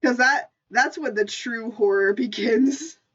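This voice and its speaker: A woman's voice: fairly high pitch, a little slow, fairly bright tone, slightly rough. A woman streamer chatting casually with her viewers, giggling often and filling her talk with "like". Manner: giggly, full of "like" fillers. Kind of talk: casual livestream chat. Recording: distant dull mic with faint music.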